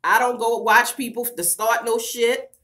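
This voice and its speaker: A woman's voice: fairly high pitch, fairly even intonation, measured pace, fairly bright tone. A middle-aged woman vlogging in a casual chat to camera, talking frankly to her viewers, with laughter and a lot of swearing. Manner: frank, profane and laughing, talks straight to viewers as "girl".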